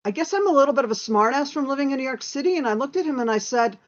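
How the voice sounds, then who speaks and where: A woman shares memories in a casual spoken anecdote, lively and animated, quoting others in lively voices. Her voice sits high and she talks very fast with few pauses, captured in muffled, dull lo-fi audio.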